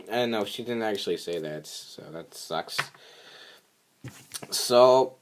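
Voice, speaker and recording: A man's voice: lively intonation, takes it slowly, a little hiss or hum. A young man, a regular vlogger, recapping a cartoon episode in a rambling, filler-heavy way. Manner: rambling, filler-heavy, squeaky voices for quotes.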